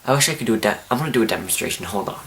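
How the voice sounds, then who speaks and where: A teenage young man, telling a story to camera in an excitable, animated way. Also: on the low side, very fast, gravelly. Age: teens. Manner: excitable, animated, acts out his own screams and whispers. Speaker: vlogger.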